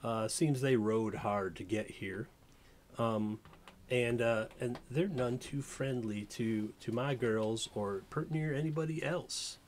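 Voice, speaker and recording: A man voicing a calm, businesslike woman who runs a saloon, with a put-on British accent. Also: mid-range voice, slow, a little hiss or hum, close to an everyday voice. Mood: chatty.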